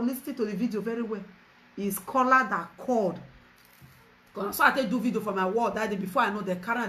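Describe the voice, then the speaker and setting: A woman with a Nigerian accent giving casual commentary to her followers, animated and insistent, mixing Pidgin and English. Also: medium pitch. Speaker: social media commentator.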